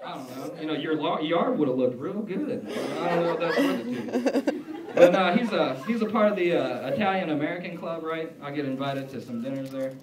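Lively young male stand-up comic. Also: on the high side, fairly quick. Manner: rambling, filler-heavy, self-mocking. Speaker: stand-up comedian. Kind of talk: stand-up routine. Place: comedy club stage. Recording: echoey club, far mic, loud crowd.

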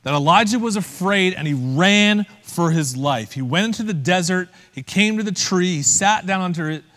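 Conversational preacher in a reverberant hall. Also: male voice, sits high, expressive, moderate pace, fairly bright tone. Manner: conversational, asks listeners direct questions. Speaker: pastor. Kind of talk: sermon. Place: church.

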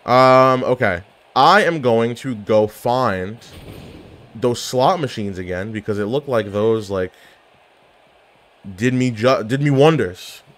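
A man's voice: mid-range voice, slow pace. A man giving casual gameplay commentary, joking and trash-talking opponents. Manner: trash-talking, jokey, excitable outbursts. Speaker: gaming YouTuber.

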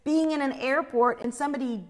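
A woman telling a personal faith story in an animated way, acting out the screams she describes. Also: sits high, fairly quick.

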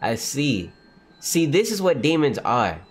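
Excitable man reacting to manga live. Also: medium pitch, measured pace. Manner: animated, reads panels aloud, exclaims and laughs often.

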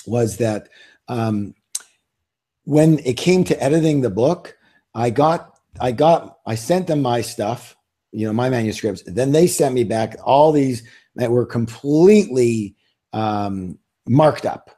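A middle-aged author and seminar leader tells stories as an interview guest, casual and self-assured, repeating things for emphasis. His mid-range voice is warm and animated, and he takes his time.

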